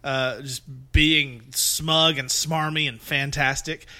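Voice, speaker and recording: Bright-voiced man, opinionated movie chat. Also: fairly high pitch, fairly even intonation, slow. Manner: profane, opinionated, laughs often. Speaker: podcast co-host. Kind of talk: casual chat.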